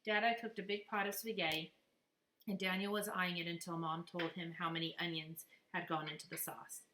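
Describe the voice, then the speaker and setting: A woman reads a children's book aloud in a lively, expressive way. Her voice is bright and a little low, with a roomy echo and a faint hiss behind it. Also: fairly quick. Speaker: reader. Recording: echoey room, faint noise.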